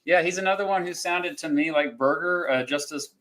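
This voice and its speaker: A man's voice: on the high side, a little fast, fairly bright tone, rough recording. Rambling, chuckling male quiz host. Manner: rambling, chuckling, many fillers. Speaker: podcast host running a quiz. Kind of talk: casual chat.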